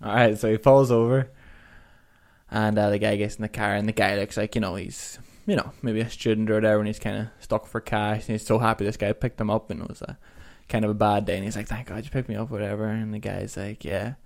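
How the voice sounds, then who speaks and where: A man's voice: on the low side, flat delivery, brisk, gravelly, darkish tone. Playful joke-telling man. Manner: playful joke-teller, teasing and laughing. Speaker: podcast co-host. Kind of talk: casual chat, telling jokes.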